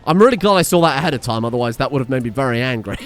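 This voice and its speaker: A man's voice: medium pitch, expressive, racing, faint music behind. A young man commentating a game, ranting at his characters in an exasperated, sarcastic, sweary way. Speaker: gaming streamer. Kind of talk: let's play commentary.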